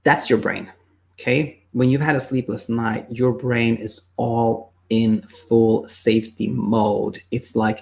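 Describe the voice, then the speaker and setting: A male sleep coach talks through viewer questions in an unscripted, casual way. His voice has a gravelly, fry-tinged texture and sits at an ordinary middle pitch. He often stops and restarts, and now and then acts out the voices he quotes. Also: steady tone, slow pace. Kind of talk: answering viewer questions on video.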